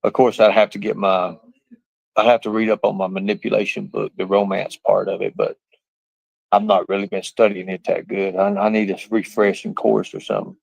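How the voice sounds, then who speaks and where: A man's voice: lowish voice, flat delivery, brisk, gravelly, no room sound, rough recording. A man hosting a livestream, ranting in a boastful, profane, mocking way. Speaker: livestream host. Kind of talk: casual livestream rant.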